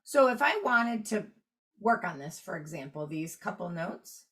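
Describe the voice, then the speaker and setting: A woman's voice: lowish voice, expressive, unhurried, fairly bright tone. Woman teaching clarinet practice steps. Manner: explanatory, walks through steps while annotating. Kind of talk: online workshop lesson.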